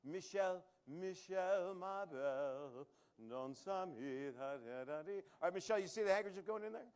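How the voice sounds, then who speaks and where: A man with a notably high voice works a comedy showroom as a magician. He jokes his way through tricks and throws quick asides to the audience in a live stand-up manner. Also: clean tone. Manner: joking, quick asides to the crowd.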